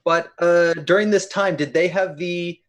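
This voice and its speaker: A man's voice: high-pitched, steady tone, measured pace. A man playing a tabletop game, joking and thinking aloud. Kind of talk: casual chat.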